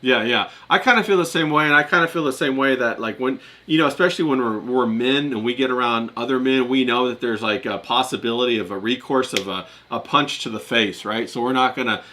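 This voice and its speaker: A man's voice: medium pitch, brisk, few pauses, sharp tone, a little hiss or hum. A man hosting a casual interview, asking long, meandering questions full of fillers and laughing easily. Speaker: host.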